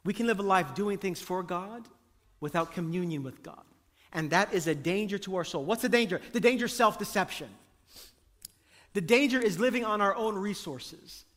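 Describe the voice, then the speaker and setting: A man's voice: high voice, normal speed, fairly bright tone. A male pastor preaching a sermon, emphatic, building his points through repeated phrases and calling out to the congregation. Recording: long reverb of a large hall.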